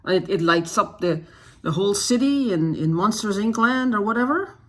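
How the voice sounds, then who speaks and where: This is a husky, slightly rough voice in an unscripted vlog monologue, pitched in the middle of the range. The speaker sounds agitated and keeps firing off rhetorical questions. Sentences often stall and restart, and key phrases get said twice for emphasis. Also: lively intonation, normal speed, fairly bright tone. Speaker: YouTube channel host.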